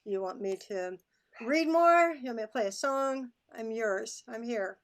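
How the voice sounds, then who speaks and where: A woman's voice: fairly high pitch, unhurried. A woman musician with a Texan accent, reading from her memoir over a video call, reflective and chatty. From Texas. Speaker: musician and author.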